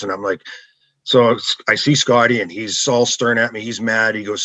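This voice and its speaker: A middle-aged man, a former goalie, telling stories in a relaxed podcast chat and laughing now and then. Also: on the low side, normal speed, no room sound. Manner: laid-back anecdotal, laughs often. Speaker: guest, former hockey goalie. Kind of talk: casual podcast storytelling.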